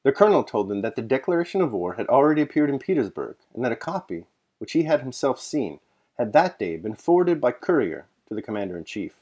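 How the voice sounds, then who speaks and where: A man hosting and reading a classic novel aloud chapter by chapter, in a measured, clear narration. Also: mid-range voice, sing-song, darkish tone. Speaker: host and reader. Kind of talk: audiobook narration.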